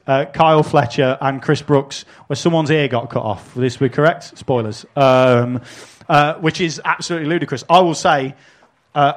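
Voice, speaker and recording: A man hosting a live podcast, swearing and telling animated stories with laughter. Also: on the high side. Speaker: podcast host and wrestling promoter. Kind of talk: live podcast chat with an audience.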